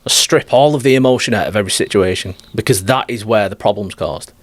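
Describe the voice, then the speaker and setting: A man's voice: lowish voice, fast talker, no room sound. A man talking as a life coach guest on a podcast, blunt, direct and emphatic. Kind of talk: podcast conversation.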